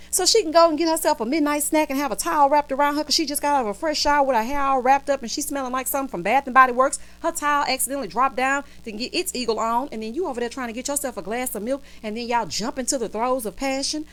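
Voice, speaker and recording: A woman's voice: sits high, fast, hardly any pauses. A woman, giving a playful, sassy recap of a TV episode full of asides. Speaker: TV recap vlogger. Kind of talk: casual chatty review.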